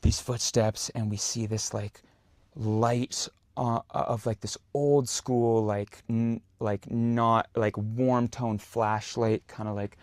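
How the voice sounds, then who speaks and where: A young adult man, a podcast guest telling a story in a loose, animated way. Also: medium pitch, takes it slowly, dry recording. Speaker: guest, actor and singer. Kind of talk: casual storytelling in a podcast interview.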